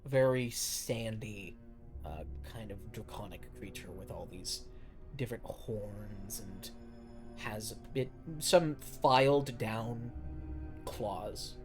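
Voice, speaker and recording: Relaxed man narrating a tabletop game. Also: lowish voice, music in the background. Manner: relaxed, halting, with many fillers. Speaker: dungeon master.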